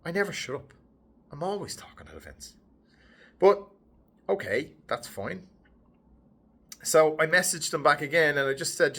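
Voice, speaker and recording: Animated man telling a story. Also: normal speed, long pauses. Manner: animated, lively, pitch swinging up and down. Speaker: headshot photographer and vlogger. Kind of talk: casual to-camera storytelling.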